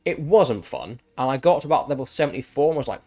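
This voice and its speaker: Male streamer, casual and excitable, mid-pitched, swears a lot. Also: quick pace. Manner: chatty, enthusiastic, swears freely. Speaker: game streamer. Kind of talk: casual chat while gaming.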